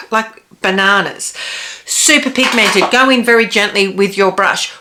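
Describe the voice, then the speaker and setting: A woman's voice: medium pitch, pushed and bright. A woman in her forties, a beauty vlogger, doing a casual makeup review and giving chatty, practical tips straight to her viewers. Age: 40s.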